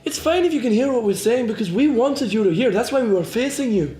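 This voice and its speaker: A man's voice: very high voice, lively intonation, quick pace, music in the background. A young man in his twenties acting out a comedy improv scene, hammy and mock-romantic in put-on accents. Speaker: guest. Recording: echoey room with background noise.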